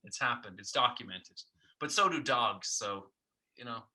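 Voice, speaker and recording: A podcast co-host talks in a loose, rambling way, spinning silly tangents into comic bits. His voice is very bright and forward in tone. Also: medium pitch, moderate pace. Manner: rambling, jokey, riffing on absurd bits. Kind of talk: casual comedic chat.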